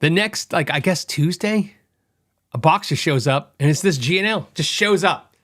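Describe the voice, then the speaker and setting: A middle-aged man hosting a podcast, telling a story in a chatty, animated way and acting out quoted dialogue. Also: fairly high pitch, normal speed. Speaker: podcast host. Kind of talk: casual storytelling monologue.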